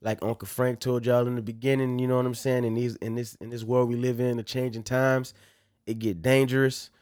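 A man's voice: medium pitch, little pitch movement, fairly quick, darkish tone, dry recording, clean studio sound. A man with a Louisiana accent hosting a casual podcast, joking and slangy. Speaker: podcast host.

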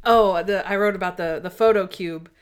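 A woman chatting as a podcast co-host, lively and quick, slipping into little acted quotes as she talks. Her pitch sits in an ordinary middle range, neither high nor low. It is relaxed, casual talk. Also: clean tone. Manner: animated, quotes characters in quick bursts. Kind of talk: casual chat.

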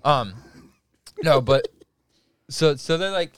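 A man's voice: on the high side, animated, slow, clear, resonant tone, no echo, clean studio sound. A man in casual chat, telling a story with heavy swearing and acting out the people in it. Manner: profane storyteller acting out quotes.

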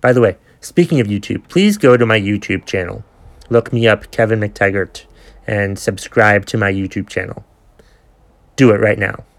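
A man in his forties speaks in a lowish voice and tells a story as a podcast host. He rants, swears freely and sounds exasperated, with a loose, conversational manner. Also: normal speed, gravelly. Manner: ranting, profane, exasperated. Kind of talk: casual storytelling monologue.

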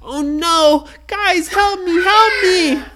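A parent telling a bedtime story, putting on a high voice for a hungry, easygoing young boy who strains and calls out. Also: sing-song, normal speed, background noise, close to an everyday voice. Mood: panicked.

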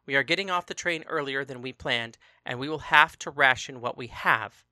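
A reader voicing a firm, practical man who speaks in a louder, stern manner. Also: mid-range voice, moderate pace, no echo, clean studio sound.

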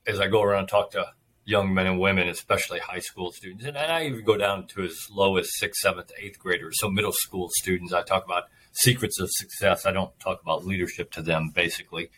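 A man's voice: sits low, fast, fairly bright tone, slight background noise. A man in a casual conversation, speaking emphatically and repeating his key points like a seasoned speaker to students.

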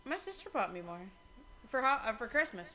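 Bright, blunt woman co-hosting a podcast. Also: sits high, sing-song, a little fast, low-quality recording. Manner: blunt, swears freely. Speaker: podcast co-host. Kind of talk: casual banter.

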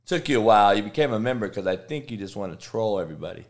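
A man, a football coach on a livestream, answering chat with profane, confrontational rants that swing from low mutters to loud, high tirades. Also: animated, moderate pace, hardly any pauses. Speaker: football coach streaming live.

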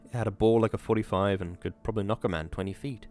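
A man reading a story aloud in steady, measured audiobook narration. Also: fairly low pitch, faint music behind.

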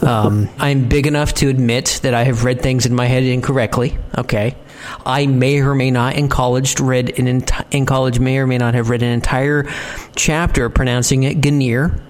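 A man's voice: mid-range voice, steady tone, moderate pace. Rambling self-mocking podcast host, a man. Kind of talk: casual podcast chat.

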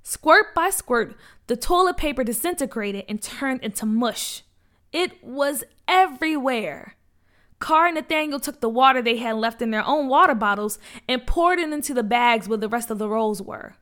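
Bright woman reading a story. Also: on the high side, moderate pace. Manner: lively read-aloud with voiced characters. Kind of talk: storytelling narration.

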